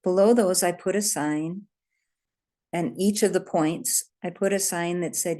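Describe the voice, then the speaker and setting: A woman's voice: fairly low pitch, unhurried, dark tone. Earnest woman leading a workshop. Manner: conversational, earnest, laughs between phrases. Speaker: workshop leader. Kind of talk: storytelling workshop talk.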